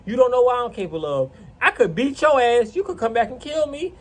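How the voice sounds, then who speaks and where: A man's voice: extremely high pitch, brisk. A man casually telling a rambling, profane story to camera. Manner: rambling, profane, animated retelling.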